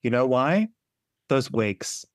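A man's voice: mid-range voice, big pitch swings, takes it slowly, no echo, studio quality. A man co-hosting a podcast, chatting animatedly and laughing often, with playful exasperation. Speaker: podcast co-host. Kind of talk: casual chat.

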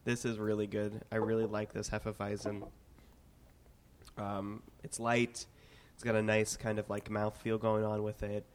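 Raspy man with a cold. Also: on the low side, completely flat delivery, a little slow. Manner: rambling, lots of filler words. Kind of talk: casual chat, beer tasting.

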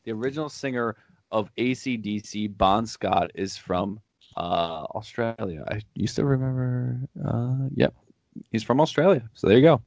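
A man's voice: lowish voice, expressive, vocal fry, darkish tone, no echo. A man hosting a casual podcast trivia game, teasing the others and swearing freely when they get answers wrong. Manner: teasing, profane, quick to mock wrong answers. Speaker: podcast host reading trivia questions.

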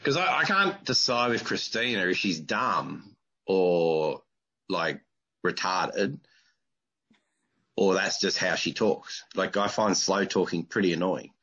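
Crude, husky Australian man. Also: sits low, animated, slow, bright, forceful tone, muffled recording. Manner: blunt, crude, teasing. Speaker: podcast host. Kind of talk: casual interview chat.

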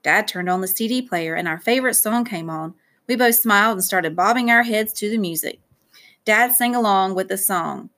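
A woman reads a children's novel aloud at a steady storytelling pace. Her voice has a gravelly, creaky texture, and her pitch sits in the middle range. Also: moderate pace. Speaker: audiobook narrator.

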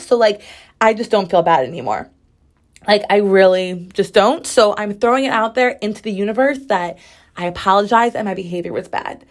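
A woman's voice: medium pitch, moderate pace. Chatty young woman ranting casually. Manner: chatty, sassy, frequent "like" fillers. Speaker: podcast host. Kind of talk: casual solo podcast chat.

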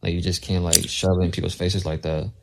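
A man's voice: deep voice, flat delivery, fairly quick, creaky, background noise. A man in casual conversation, laid-back and filling his talk with "like" and "you know.". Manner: laid-back, many fillers like "like". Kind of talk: casual chat.

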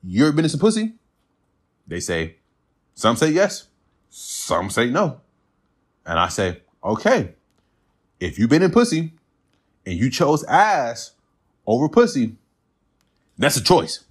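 A man's voice: medium pitch, very animated, takes it slowly, long pauses, slightly rough. A man ranting bluntly and profanely in a casual monologue, mocking others with put-on quotes.

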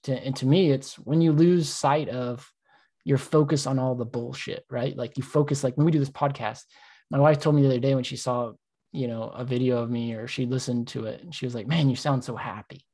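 A man co-hosting a casual podcast, telling animated stories, acting out his own thoughts and swearing often. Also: medium pitch, fairly quick. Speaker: podcast co-host.

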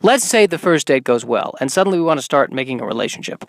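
Deadpan young man, very dry sound. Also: mid-range voice, fast talker, creaky, few pauses, dry recording, rough recording. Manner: deadpan, self-mocking, slips into silly put-on voices. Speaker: podcast host. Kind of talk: solo comedic monologue. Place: inside a car.

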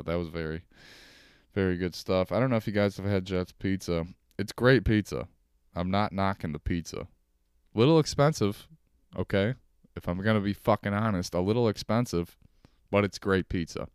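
A man's voice: sits low, smooth, no room sound, studio quality. A man hosting a solo podcast from his couch, rambling in a laid-back, profane way. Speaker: podcast host. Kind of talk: casual solo podcast rant. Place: home couch.

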